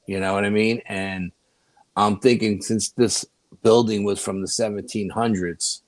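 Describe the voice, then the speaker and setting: A man with a New York accent telling rambling, animated anecdotes as a guest in a casual chat. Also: on the low side, a little slow, dry recording. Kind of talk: casual storytelling.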